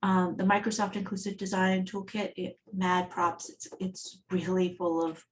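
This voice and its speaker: A woman's voice: mid-range voice, completely flat delivery, moderate pace, slight background noise. A woman giving an accessibility talk at a design meetup, speaking in a conversational, storytelling manner. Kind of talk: conference talk.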